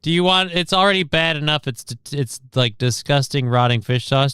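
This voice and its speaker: Sarcastic male streamer, smooth dry voice. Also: fairly high pitch, moderate pace, a bit bright, no echo. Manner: sarcastic, rambling, reads chat aloud. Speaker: streamer reacting to news with chat. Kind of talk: casual reaction commentary.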